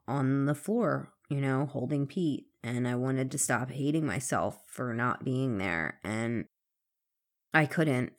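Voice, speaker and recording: A woman frankly telling her own story, halting and candid, with occasional swearing. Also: extremely low pitch. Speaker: interviewee in recovery. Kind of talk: emotional personal storytelling.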